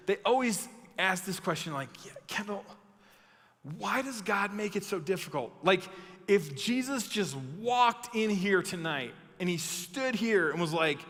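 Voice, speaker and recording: A young male youth pastor tells a Bible story with animated energy, jumping into the characters' lines. His voice is high and sharply bright. Long reverb of a hall trails behind him. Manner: animated, acts out the story with shouted quotes. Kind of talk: youth sermon with Bible reading.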